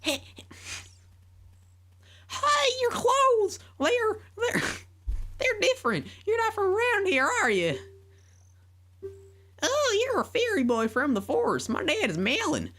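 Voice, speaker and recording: A woman's voice: very high-pitched, sing-song, slow, pauses often, a bit bright, voice pushed up, heavily acted. A woman voicing a cheerful young country farm girl with a put-on country accent, giggly and sing-song. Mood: cheery. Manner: giggly, sing-song, says tee hee. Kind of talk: voicing game characters on a live stream.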